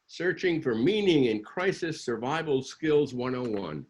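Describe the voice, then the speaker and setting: A man's voice: medium pitch, lively intonation, unhurried, darkish tone, breathy edge. A man delivering a sermon as a minister, telling a story with dry humor.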